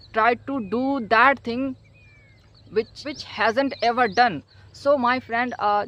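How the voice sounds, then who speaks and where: Young guy teaching english in a casual vlog, high bright voice, lots of uh's, earnest and encouraging. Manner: hesitant, with many "uh" fillers; earnest and encouraging, like a motivational pep talk.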